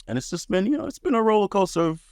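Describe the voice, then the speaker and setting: A man's voice: high-pitched, big pitch swings, racing, darkish tone, smooth, no echo, clean studio sound. A man in his thirties, a podcast guest telling his story in a laid-back, frank way, swearing freely. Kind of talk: casual storytelling.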